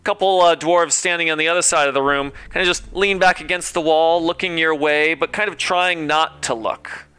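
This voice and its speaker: A man's voice: fairly high pitch, fairly even intonation, normal speed, few pauses, sharp tone, smooth. A man narrating a tabletop game as game master, hesitant with many fillers.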